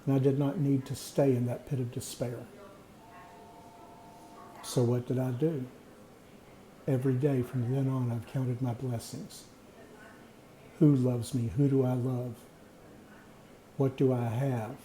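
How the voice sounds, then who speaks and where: A middle-aged man telling a personal story in an earnest, reflective, plain-spoken way with pauses. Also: medium pitch, level tone, mellow. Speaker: vlogger sharing personal experience. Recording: echoey room.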